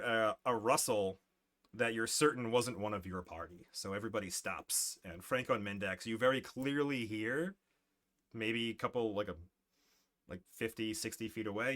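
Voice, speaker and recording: A young man narrating as game master in a casual, halting way with fillers. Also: lowish voice, a bit bright.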